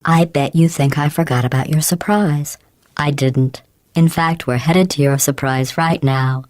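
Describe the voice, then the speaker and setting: A woman voicing a cold, sarcastic female AI computer in a video game, deadpan with a synthetic edge. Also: sits low, unhurried. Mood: cold mocking. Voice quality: smooth, synthetic-edged, deadpan. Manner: dry mocking insults delivered calmly. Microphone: clean dry studio recording.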